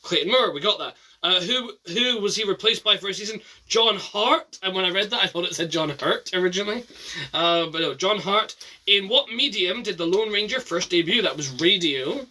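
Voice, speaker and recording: A man runs a relaxed quiz night with friends, reading out answers and cracking jokes. His voice is bright and a little high. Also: moderate pace. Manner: jokey, laughing often. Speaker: quiz host. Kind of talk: casual chat.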